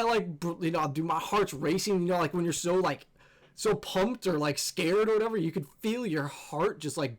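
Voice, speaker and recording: A young man, host of a gaming channel, telling a scary story in an animated, excitable way and swearing freely. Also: sits high, normal speed. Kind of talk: casual storytelling over gameplay.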